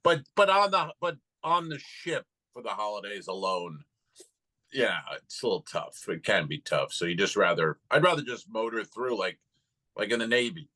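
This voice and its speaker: Male podcast co-host, bright tone, relaxed profane storyteller. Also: on the low side, moderate pace, low-quality recording. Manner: loose, profane storytelling with acted-out quotes. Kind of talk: casual comedic chat.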